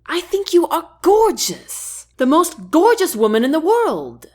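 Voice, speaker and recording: A woman's voice: very high-pitched, sing-song, a little slow, voice pushed up, exaggerated voice. A woman voicing a smug, condescending male chancellor in a storybook reading, with a haughty, dismissive manner.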